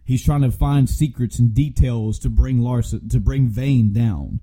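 A man co-hosting a podcast, retelling a game story in a casual, animated way with plenty of swearing and restarts. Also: medium pitch, unhurried, slightly rough, rough recording. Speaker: podcast co-host.

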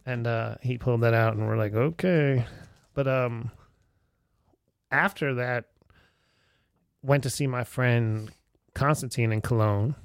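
A middle-aged man's smooth, mid-range voice unfolds at a measured pace, with vocal fry and long pauses, in studio quality with no room sound. Recalling old travels in a casual indoor conversation with a friend, likely on a podcast, he acts out the people he quotes and uses lots of "like."

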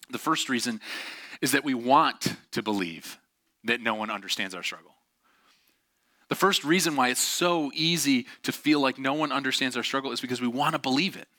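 A middle-aged man preaching a sermon with a bright, forceful voice. He tells his story candidly, with self-deprecating asides and plenty of ums. The sound is dry and close. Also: mid-range voice, no echo. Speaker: pastor.

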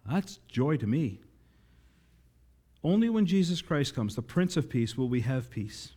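A man's voice: medium pitch, big pitch swings, measured pace, warm tone. A man preaching a sermon, building to emphatic, rousing climaxes and talking directly to his congregation. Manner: preaching with rising emphatic climaxes and audience asides. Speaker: pastor.

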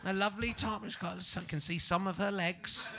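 A man's voice: high-pitched, fairly even intonation, normal speed, creaky, pushed and bright. A man hosting a live comedy podcast on stage, teasing the audience as a laughing quizmaster. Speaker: podcast host running an audience quiz.

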